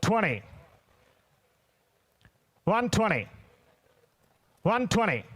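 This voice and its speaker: A man working as an auctioneer at a horse sale, rattling off bids in a fast rolling chant and calling to bidders by name. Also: high-pitched, big pitch swings, fairly bright tone. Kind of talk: rapid bloodstock auction chant. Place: sale ring.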